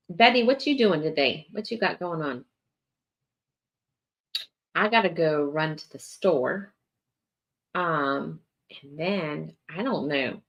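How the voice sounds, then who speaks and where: A tired woman hosting her morning livestream chats casually with viewers in a deep voice with lively intonation. She drags things out, chatty and full of fillers and yawns, and the sound is lo-fi.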